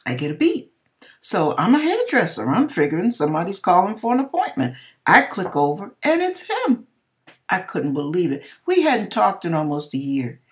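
A woman with a slightly low-pitched voice shares a personal faith testimony. She tells it in an emphatic, expressive way, with church-style exclamations throughout. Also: normal speed. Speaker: hairdresser sharing a personal testimony.

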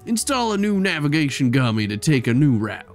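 A man reading as a blunt, gruff mechanic. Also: on the high side, very animated, fairly quick, soft background music.

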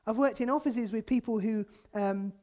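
A young man preaching a sermon in a church, in a lively, conversational way that acts out the people he quotes and chuckles often. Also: sits high, normal speed. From United Kingdom.

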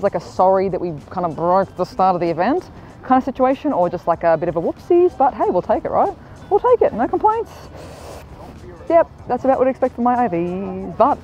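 Chatty, excitable young woman vlogging outdoors. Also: mid-range voice, highs cut off. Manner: chatty, excitable, self-mocking. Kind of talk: casual vlog chat. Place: outdoors in the desert at a live event.

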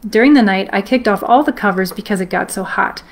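A woman hosting a live stream, reading a ghost story aloud in a steady, measured storytelling way. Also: medium pitch. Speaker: host.

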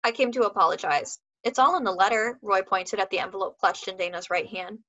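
A woman's voice: mid-range voice, fairly quick, highs cut off. Woman teacher reading a novel aloud. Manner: reads dialogue with lively voices for the characters. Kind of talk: classroom read-aloud.

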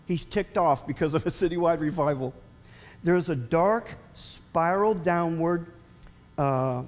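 A man preaching a sermon as pastor, animated with emphatic rising asides. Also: on the high side, in a large hall.

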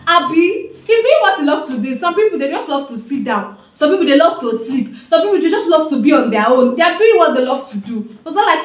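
A woman's voice: sits high, animated, fairly quick, few pauses, reverberant. A woman hosting a reaction video, chatting casually and exclaiming animatedly.

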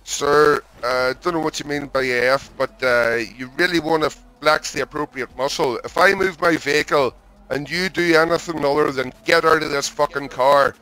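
A young man role-playing a police officer in a game, shouting profane orders at drivers, then calmly directing them. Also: on the high side, normal speed, rough recording. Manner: barking profane commands, then calm and polite. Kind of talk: in-character game roleplay.

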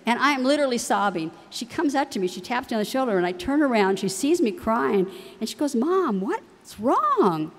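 A woman's voice: fairly high pitch, animated, quick pace. A middle-aged woman, wife of a university president, telling family stories to parents with frequent laughs. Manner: warm anecdotal delivery with laughs. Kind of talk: storytelling speech to parents. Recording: long hall reverb.

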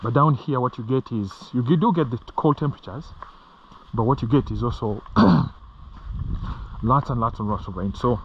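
A man's voice: medium pitch, moderate pace, lo-fi sound. A middle-aged man narrates his hike in a loose, rambling way, tossing in jokes and a habitual "eh?". He is outdoors on a soggy trail, caught on a handheld camera. A faint hiss sits under his voice. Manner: rambling, joking, frequent "eh?" tags. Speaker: vlogger on a hike. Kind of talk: casual walking vlog narration. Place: outdoors on a muddy canyon trail.

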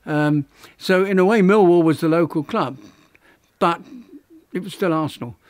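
Halting elderly man reminiscing. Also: on the high side, a little mellow. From London, England. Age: 90s; older. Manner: halting, reflective, many restarts and fillers. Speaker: interviewee, retired architect. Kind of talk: reminiscing interview.

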